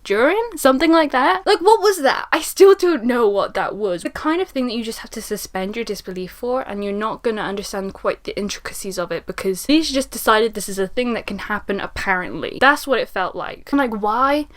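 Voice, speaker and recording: A young woman giving a casual spoken book review, chatty and animated, laughing often. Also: mid-range voice, brisk, few pauses.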